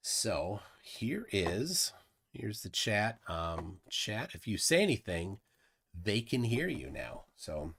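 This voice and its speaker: A man's voice: on the low side, sing-song, very slow, creaky, pauses often, fairly bright tone, slightly rough. A man hosting a live stream in casual chat, rambling with many restarts and fillers. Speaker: livestream host.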